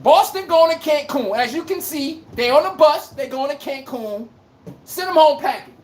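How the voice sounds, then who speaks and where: High, lively woman ranting in an echoey room. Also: moderate pace, slight background noise. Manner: ranting, trash-talking, profane; reads out chat comments. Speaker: livestream host. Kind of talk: casual sports commentary livestream.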